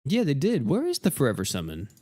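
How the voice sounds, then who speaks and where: A man's voice: mid-range voice, wildly swooping pitch, fast, darkish tone. A young man livestreaming a game, rambling casually and exasperatedly to his chat viewers.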